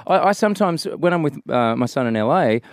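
A man's voice: a little high, expressive, a little fast, a little hiss or hum. A man co-hosting a radio show, telling a sheepish story with good humour. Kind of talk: casual radio chat.

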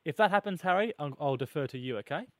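Fast-talking teasing Australian radio host. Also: male voice, fairly high pitch, animated, no room sound. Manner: teasing, quick, laughs often. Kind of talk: breakfast radio banter. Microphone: studio microphone.

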